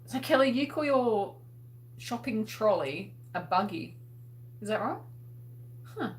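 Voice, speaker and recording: A woman's voice: on the high side, animated, slow pace, slight background noise. A woman with an Australian accent hosting a casual livestream. She chats and laughs and uses lots of fillers as she answers viewers' comments. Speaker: host.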